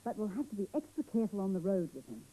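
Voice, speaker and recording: A man's voice: high-pitched, very animated, racing, mellow, breathy edge, heavily acted, low-quality recording. A woman doing a careful storybook dad. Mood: kindly. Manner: firm, cautioning. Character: gentle careful dad, adult man.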